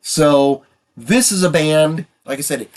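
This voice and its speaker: A man's voice: fairly high pitch, takes it slowly. A man in his fifties with a cold and a sniffle, talking loosely through an album countdown and trailing off now and then. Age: 50s. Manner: rambling, trailing off. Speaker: music reviewer.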